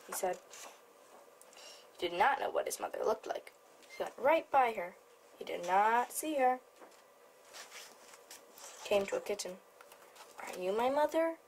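A woman librarian reading a picture book aloud in plain, steady storybook narration. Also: mid-range voice, slight background noise.

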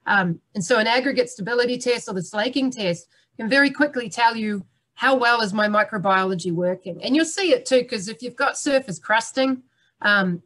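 A middle-aged woman gives a conference presentation on the land. She talks in a lively, chatty way at a mid pitch and jokes with the people listening. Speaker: soil health speaker.

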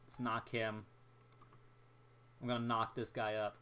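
A young man casually commentating his own naval battle game, excitable and jokey, talking to himself as he plays. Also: on the low side, measured pace, smooth. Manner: excitable, jokey, talks to himself while playing. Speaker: gameplay commentator.

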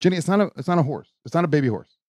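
A man's voice: on the high side, very fast, no room sound. A man hosting a podcast, retelling a sitcom episode in casual chat, swearing a lot and mocking his sister. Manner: profane, mocking, animated retelling with voices. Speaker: podcast host. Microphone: studio mic.

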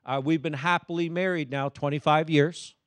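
A middle-aged man giving a lively, humorous keynote presentation to a live audience, often calling on the crowd to answer him. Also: a little high, moderate pace, a little hiss or hum. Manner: energetic, humorous, prompts audience responses. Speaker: motivational speaker.

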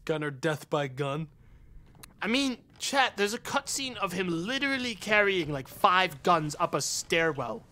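A man's voice: sits high, big pitch swings, unhurried, sharp tone, a little hiss or hum. A man streaming a mystery game, thinking aloud casually and talking to his chat as he works things out. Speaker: gaming streamer. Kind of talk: casual live-stream commentary.

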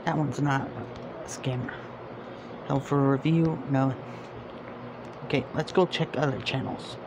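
A man's voice: medium pitch, steady tone, unhurried, background noise. A young man making a casual vlog, reading viewer comments aloud in an exasperated way. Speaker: YouTuber.

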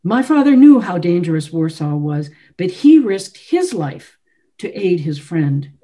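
A woman voicing an earnest young male piano tuner who speaks in a controlled, measured way. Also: fairly low pitch, sing-song, warm tone.

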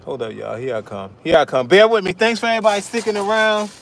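A man with a high-pitched, gravelly voice talks quickly and casually while filming a food vlog at a fish market and by his truck. He's chatty and keeps saying "y'all" to his viewers, and loud street and vehicle noise fills the background.

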